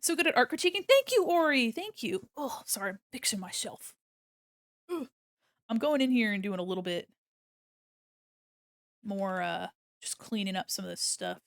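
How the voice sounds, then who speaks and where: A woman's voice: medium pitch, expressive, moderate pace, gravelly, pauses often, no room sound, studio quality. Chatty swearing young woman streamer. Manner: rambling, swears freely, laughs often. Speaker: art streamer. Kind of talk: casual live-stream chat while drawing.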